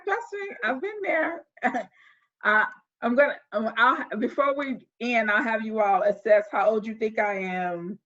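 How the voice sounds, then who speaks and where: A woman's voice: fairly high pitch, a bit bright, muffled recording. A woman facilitating an online workshop, encouraging the participants and affirming what they share. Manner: encouraging, quick to laugh and affirm. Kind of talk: leading a group discussion.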